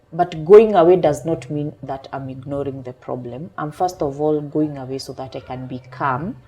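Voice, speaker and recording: A woman coach on a talk show, calmly explaining her point through everyday examples. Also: deep voice, slightly rough. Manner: calm, measured explaining with examples. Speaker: emotional intelligence coach.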